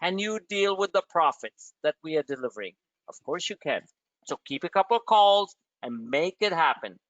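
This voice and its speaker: Man, trading webinar host, blunt, profane, emphatic, high voice, dry sound. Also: animated, normal speed, a bit bright, no room sound, muffled recording. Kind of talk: live trading webinar rant.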